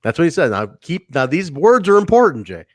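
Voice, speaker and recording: Animated man reviewing wrestling casually. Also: fairly high pitch, brisk, dry recording. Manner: animated, laughs often, acts out quotes. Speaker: podcast co-host.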